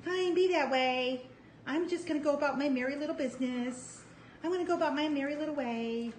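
A woman's voice: sits high, fairly quick, slight background noise, voice pushed up, close to an everyday voice. A woman voicing a sweet young female puppy who feels wronged and pleads in a plaintive sing-song. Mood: hurt, pleading. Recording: roomy echo.

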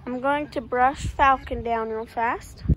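A woman's voice: high voice, steady tone, takes it slowly. A woman filming a casual farm vlog outdoors on a phone, chatting and talking to her animals while she works. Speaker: farm vlogger. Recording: loud outdoor farm noise. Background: chickens, ducks and farm animal noises.

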